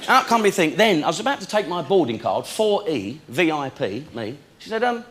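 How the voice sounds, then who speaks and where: Lively high-voiced comedian on stage. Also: male voice, moderate pace, very noisy. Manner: chatty storytelling, acting out both sides of conversations. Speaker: stand-up comedian. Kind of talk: stand-up routine in a theatre. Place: large theatre stage.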